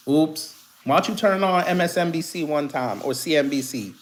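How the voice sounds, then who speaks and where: A man with a fairly high voice hosts a live commentary stream, reading news aloud and answering his chat. His delivery is animated and profane, and it is broken often by laughter. He addresses his viewers directly, as if talking to them across the room. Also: moderate pace. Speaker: commentary channel host.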